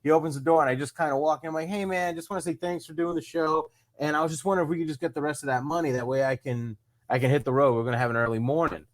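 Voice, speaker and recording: A comedian from Rhode Island telling a long story in casual chat, acting out both sides of the conversation. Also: male voice, a little high, fairly even intonation, very fast. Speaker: comedian guest.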